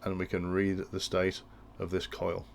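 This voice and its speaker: A man with a low, gravelly voice talks through a technical tutorial. He thinks aloud and often restarts his sentences. A faint hum of room noise sits under him. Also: monotone, measured pace. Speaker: instructor explaining industrial control.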